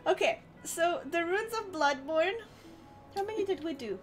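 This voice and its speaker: Very high-pitched, giggly woman streamer. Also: animated, moderate pace, soft background music. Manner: giggly, bubbly, laughs often. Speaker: host of a game stream. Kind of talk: casual stream chat.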